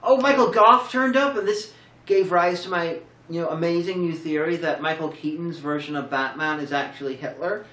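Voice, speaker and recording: A woman's voice: low-pitched, normal speed, fairly bright tone. A woman co-hosting a casual film review, tired and rambling through sarcastic, jokey riffs with plenty of restarts. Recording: roomy, distant mic.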